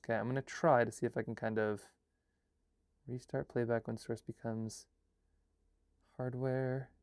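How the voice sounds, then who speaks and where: A man hosting a casual live chat, brainstorming a story in an excitable, rambling way, full of fillers and restarts. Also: medium pitch, measured pace, clear, resonant tone, no room sound, studio quality. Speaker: host and filmmaker.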